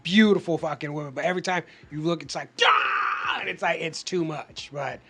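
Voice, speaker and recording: A man telling a story in a casual podcast chat, animated and swearing freely as he acts out what people said. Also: on the high side, fast talker, breathy edge.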